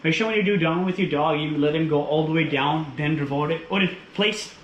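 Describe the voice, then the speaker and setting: A man's voice: a little high, steady tone, fairly quick, muffled recording. Chatty man in an echoey kitchen. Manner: chatty, informal, explains step by step. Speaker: dog owner and trainer. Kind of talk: casual home cooking vlog. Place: home kitchen. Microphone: camera held by a helper. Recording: echoey room with background noise.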